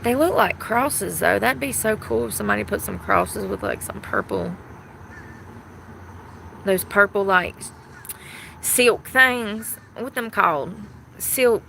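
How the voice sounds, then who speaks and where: A woman's voice: medium pitch, very animated, slow, creaky, pauses often, pushed and bright, slight background noise, rough recording. A woman, rambling candidly to her viewers in a casual vlog, talking into the phone in her hand. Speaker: vlogger. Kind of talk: casual chat.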